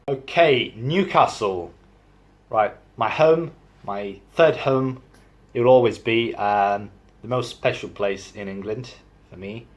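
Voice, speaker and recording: A man's voice: mid-range voice, takes it slowly. Chatty young man explaining accents. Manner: chatty, self-deprecating. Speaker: language assistant. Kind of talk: casual accent demo video.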